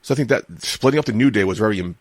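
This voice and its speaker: Low-voiced man, dry close sound. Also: very fast, no echo. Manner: easygoing, thinks aloud with repeats. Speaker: podcast co-host. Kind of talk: casual wrestling podcast chat.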